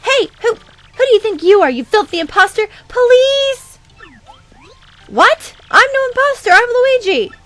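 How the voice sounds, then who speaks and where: An excitable young hero squawks in a high, indignant voice, well above normal male pitch, as a woman plays him while reading game text. Faint game music hums behind. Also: measured pace, heavily acted.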